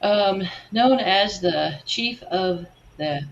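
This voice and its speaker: A woman's voice: mid-range voice, drawn-out words, dull audio. A woman in her forties co-hosting a livestream, chatting casually over photos, tripping over words and laughing at herself. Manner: self-deprecating, stumbles over words and laughs. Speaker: co-host of a livestream slideshow.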